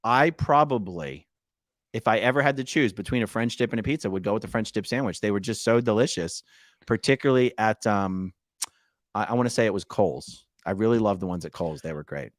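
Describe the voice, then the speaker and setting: A middle-aged man co-hosting a casual live stream, chatty and animated, reading viewer comments aloud. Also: fairly low pitch, a little fast, no echo, clean studio sound.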